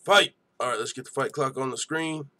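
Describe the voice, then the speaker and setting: A man's voice: medium pitch, a little fast, a bit bright. A young man hosting a live fight-night stream, giving hyped, slangy reaction commentary and chatting with viewers.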